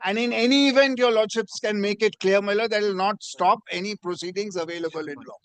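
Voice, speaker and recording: An advocate argues before a judge in a courtroom, his high, fairly bright, smooth voice moving briskly. Deferential and formal, he slips "my lord" into almost every phrase.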